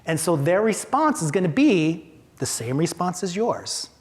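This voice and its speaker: A man's voice: high voice, sing-song, measured pace. A man leading a training for theater staff, talking emphatically with rhetorical questions and acted-out reactions. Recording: long hall reverb.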